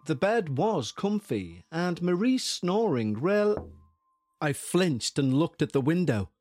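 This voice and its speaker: A man narrating a listener's first-person horror story in a slow, measured storytelling manner. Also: on the high side, darkish tone, dry recording.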